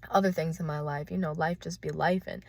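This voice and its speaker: A woman talking through her fears in a raw, profane confessional vlog, swinging between hushed and loud. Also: sits low, fairly even intonation, fairly quick, vocal fry, dry recording. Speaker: vlogger.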